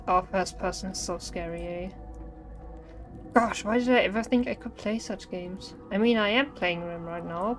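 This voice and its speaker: Slow-talking nervous young woman streamer. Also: mid-range voice. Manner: nervous, chatty, sings to calm herself. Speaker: streamer playing horror games. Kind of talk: live-stream gameplay commentary. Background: faint game music.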